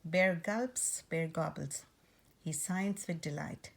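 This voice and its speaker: A woman reading a rhyming picture book aloud, rhythmic and expressive. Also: low-pitched, slow pace, vocal fry. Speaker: storyteller.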